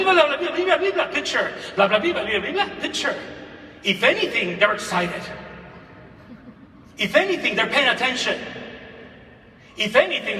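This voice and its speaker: A man giving a conference keynote on teaching, talking in an animated way and repeating phrases for emphasis. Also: very high voice. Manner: animated, dramatic read-aloud with repeated phrases. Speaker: keynote speaker. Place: large hall. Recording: echoey hall from far off.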